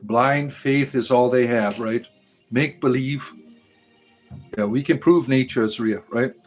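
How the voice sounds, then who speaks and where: A middle-aged man livestreams casually from home, responding to chat bluntly, sarcastically, and with plenty of profanity. His voice is mid-range, and at times he stretches words out in a slow, mock-grand manner. Faint music plays in the background.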